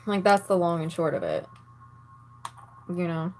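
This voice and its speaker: Soft music plays behind this woman's voice, which is on the low side and a bit mellow, moving at a measured pace with big swings in pitch. While putting on makeup, the vlogger rants to the camera, exasperated and angry, swearing a lot and saying "like" constantly.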